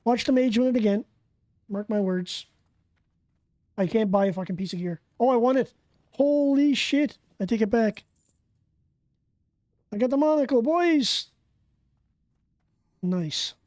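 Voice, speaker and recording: A streamer giving excitable, profane live commentary while playing a game and bantering with viewers. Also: mid-range voice, normal speed, long pauses, no room sound. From Canada.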